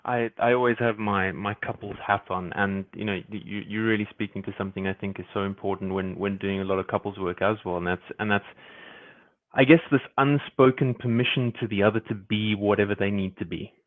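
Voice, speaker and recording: Low-voiced male host, thoughtful and halting, heard over a thin phone-like connection. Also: steady tone. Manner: hesitant, repeats words while forming questions. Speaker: podcast host, couples worker. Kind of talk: reflective interview questions. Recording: tinny phone-like line.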